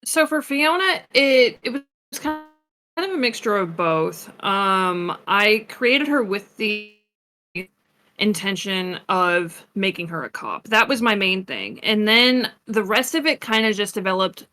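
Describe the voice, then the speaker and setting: A woman guest in a casual chat, telling animated stories and laughing easily. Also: medium pitch, unhurried. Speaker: guest roleplayer.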